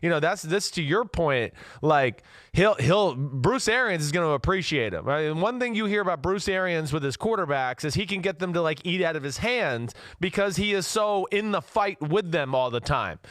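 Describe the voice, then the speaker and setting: Brief: middle-aged man, sports talk co-host, slightly high voice, dry studio sound, rambling delivery. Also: lively intonation, moderate pace, hardly any pauses, fairly bright tone, no echo. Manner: rambling, lots of fillers and restarts. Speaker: co-host, former quarterback. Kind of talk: casual sports chat.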